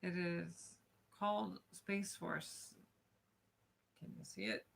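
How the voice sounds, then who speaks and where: A woman's voice: on the low side, fairly even intonation, slow, gravelly. A woman streaming live, grumbling in frustration and swearing in casual chat before reading a book aloud.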